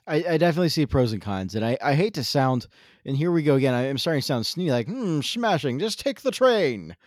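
A man's voice: mid-range voice, lively intonation, racing, darkish tone, dry recording. Man co-host, dry close sound. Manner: wordy, joking, stammers on restarts. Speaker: podcast co-host. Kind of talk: casual chat.

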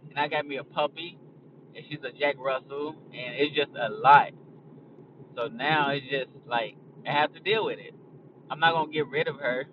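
Young male host, casual rambling chat, somewhat higher voice, off-mic and muffled with road noise. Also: normal speed, recorded from a distance. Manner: blunt, profane, rambling. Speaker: podcast host. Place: in a car on a highway.

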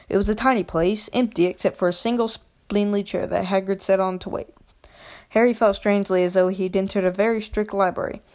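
A woman's voice: medium pitch, a little mellow. A woman reading a novel chapter aloud in an unpolished way, with frequent slips and restarts. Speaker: reader.

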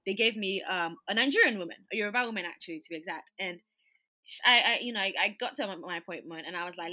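A young woman tells a story from her own life in an easygoing, animated way. Her voice is bright and sharp-edged, and she keeps the talk rolling with casual fillers. She sounds relaxed and conversational throughout. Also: medium pitch, fast. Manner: animated, chatty, lots of "like" and "you know".

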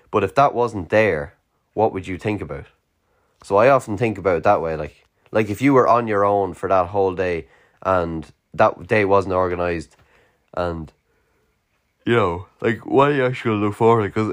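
A young Irish man with a very low, deep voice talks through a late-night solo podcast. He rambles loosely, with plenty of "like" and casual swearing. He sounds tired, with a yawn now and then. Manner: rambling, sweary, filler-heavy. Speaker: podcast host.

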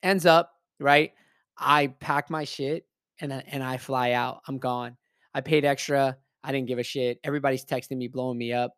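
A man's voice: mid-range voice, dry recording. Man, mid-range voice, casual and emphatic storyteller who swears freely, dry close recording. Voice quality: profane, blunt and emphatic.

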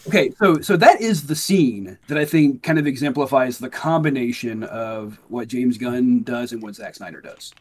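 A man with a husky, slightly rough voice talks through a film scene in casual chat. He rambles with fillers and restarts, mixing in wry comments, at a middling pitch. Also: moderate pace, hardly any pauses.

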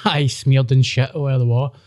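A man's voice: mid-range voice, fairly even intonation, normal speed, darkish tone, no echo, clean studio sound. A man co-hosting a podcast in casual chat, sweary, blunt and self-mocking. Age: 30s. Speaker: podcast co-host.

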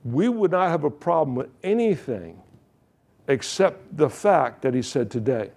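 A pastor preaching a sermon, reading scripture and retelling it with joking asides. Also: male voice, a little high, sing-song, unhurried, gravelly, darkish tone.

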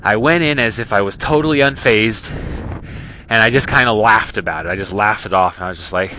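A man hosts a podcast in a bright, forward voice. He talks earnestly and casually, restarting often as he tells his story. The recording sounds dull and lo-fi. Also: fairly low pitch, fairly quick, slight background noise. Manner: earnest, conversational, with many restarts. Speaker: podcast host.

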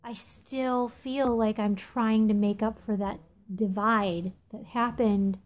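Woman, 30s, slightly high voice, candid solo podcast musing, halting and unpolished. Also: fairly even intonation. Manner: candid, confessional, halting with many ums. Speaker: podcast host. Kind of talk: casual reflective monologue. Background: phone texting interruptions.

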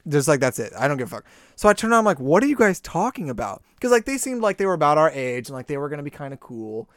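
A man's voice: on the high side, animated, racing, fairly bright tone, clean tone, no echo, studio quality. A young man in casual chat, telling stories with swearing and acting out the voices of people he quotes.

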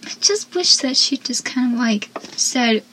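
A young woman casually recapping a TV episode, chatty and laughing often, with animated asides. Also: on the high side, a little slow, slight background noise, rough recording.

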